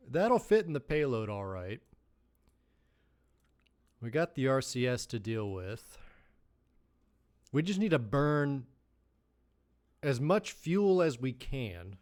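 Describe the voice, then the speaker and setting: A man's voice: medium pitch, sing-song, slow, long pauses. A man streaming a space-building game live, thinking aloud as he works and chatting with viewers. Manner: thinks aloud, chats with viewers, bursts into loud mock shouting. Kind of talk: casual live-stream gameplay commentary.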